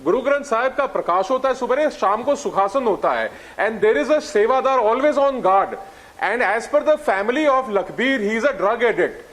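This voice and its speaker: A man with an Indian accent argues as a debate panelist in a strikingly high voice. He speaks with passion, often stumbling and restarting as he forces his way into the argument. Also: expressive, rapid-fire, fairly bright tone. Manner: impassioned, stammers into his points. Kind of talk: televised studio debate.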